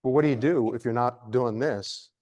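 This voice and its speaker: A middle-aged man lectures on nature to a live audience, a naturalist with a voice that is neither high nor low. He is playful and theatrical, teasing his listeners as he teaches. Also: normal speed, darkish tone, highs cut off.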